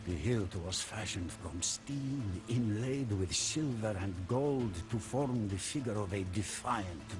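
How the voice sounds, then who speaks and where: A male commander narrates a campaign journey in a measured, storytelling style. His delivery is slow and deliberate, with loud orchestral music underneath this game cutscene. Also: fairly low pitch.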